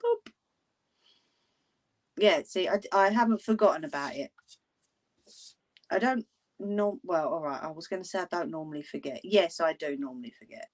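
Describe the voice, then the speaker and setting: A woman's voice: fairly low pitch, fairly quick. A woman chatting casually with livestream viewers, blunt and laughing often. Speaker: livestream host.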